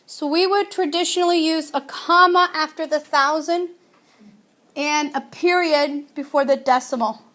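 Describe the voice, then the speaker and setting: A woman teaching a classroom grammar lesson, her voice sitting high. She talks slowly and deliberately, spelling out each point and having students repeat after her. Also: steady tone, a bit bright. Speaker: Spanish teacher.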